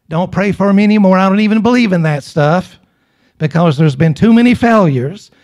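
Middle-aged male preacher, slightly high voice, emphatic and repetitive sermon delivery. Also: warm tone. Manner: emphatic, repeats and asks the congregation questions.

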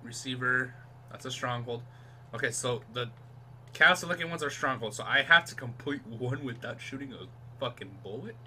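A young man doing live let's-play commentary on his gameplay, excitable and profane, dropping to a whisper while sneaking. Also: mid-range voice, moderate pace, a little hiss or hum.

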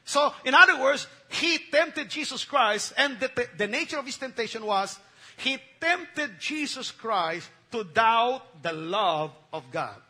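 A man's voice: very high voice, expressive, measured pace, pushed and bright. A man preaching a sermon, repeating key phrases and calling on the congregation to respond. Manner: emphatic call-and-response preaching with repetition. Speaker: pastor.

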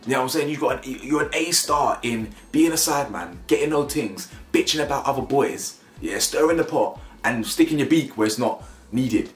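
A young man, recapping a reality show episode in casual, animated, slang-heavy banter with mocking impressions. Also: mid-range voice, a little fast, echoey room, soft background music.

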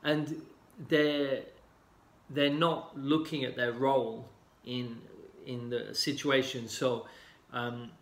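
A man in casual talk, explaining calmly with many fillers and sometimes acting out other people's lines. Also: mid-range voice, slow pace. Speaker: healing coach. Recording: roomy echo.

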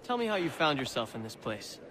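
An actor playing a wry, scheming middle-aged colonial forger locked in prison, in a video game cutscene. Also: male voice, mid-range voice, sing-song, brisk, background noise, natural voice. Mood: scornful. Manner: wry, sardonic, lecturing.

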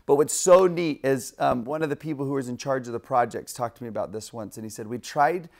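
Gravelly guy teaching a lesson, enthusiastic, casual, keeps laughing while he tells the story. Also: mid-range voice, fairly quick. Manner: casual and enthusiastic, acting out stories, laughing often. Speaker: religion teacher.

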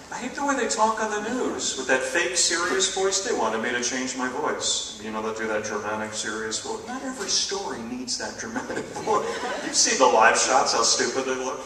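A man doing a stand-up comedy set, ranting with mock outrage and a lot of profanity. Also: medium pitch. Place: live comedy venue. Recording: echoey room, distant mic, loud audience.

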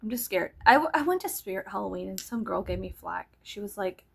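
A woman's voice: mid-range voice, animated, brisk, creaky, slightly rough. A woman from South Texas vlogging in a casual rambling monologue, chatty and joking, with frequent swearing and sudden drops to a whisper.

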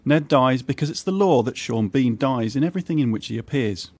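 A man's voice: mid-range voice, a little fast. Wry man narrating a comic recap. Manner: wry, irreverent, deadpan asides. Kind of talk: scripted comedic recap narration.

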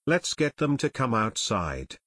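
A man voicing a steady teenage boy detective giving orders in an audiobook. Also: mid-range voice, unhurried, dry recording. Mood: firm.

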